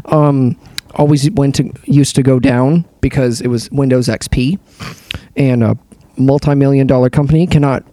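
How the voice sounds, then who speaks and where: A young man telling animated stories in casual chat, swearing often and acting out other people in quotes. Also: mid-range voice, moderate pace, no room sound.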